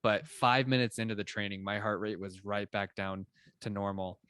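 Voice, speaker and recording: A young man with a fairly low voice talks through his ideas in a loose, animated way, often leaning on filler words as he explains. He co-hosts a casual podcast chat. The sound is close and dry. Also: normal speed, smooth, no echo. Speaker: podcast co-host.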